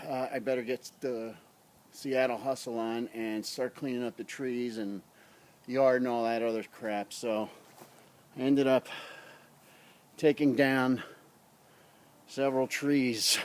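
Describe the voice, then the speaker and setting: A man's voice: medium pitch, steady tone, takes it slowly, long pauses. A man casually reviewing a survival knife in his yard, talking in a rambling, blunt way into a tablet camera on a tripod. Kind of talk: casual outdoor demo vlog. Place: outdoors in a front yard.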